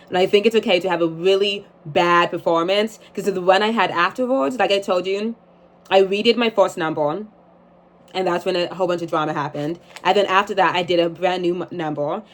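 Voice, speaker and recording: Young woman, 20s, casual vlogger, chatty and self-mocking, reads from her diary. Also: fairly low pitch. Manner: chatty, swearing, laughing at herself. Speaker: vlogger reading her journal. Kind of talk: casual chat and journal reading.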